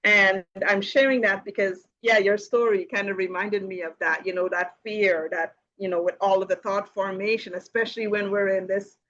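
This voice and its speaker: A woman's voice: mid-range voice, steady tone, moderate pace, few pauses, fairly bright tone, lo-fi sound. A woman hosting a live question-and-answer session, telling a personal story casually with many "you know" fillers and light laughs. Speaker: host of a live Q and A.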